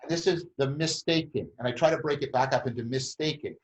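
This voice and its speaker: Hosting a conversation, a man with a mid-range voice talks fast as he lays out a group process at length, restarting often and tagging on questions. The recording sounds rough.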